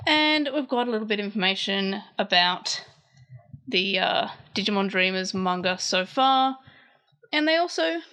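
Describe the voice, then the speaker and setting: A woman's voice: mid-range voice, pushed and bright, smooth. A young woman, chatting casually as a channel host while she translates a comic and thinks aloud.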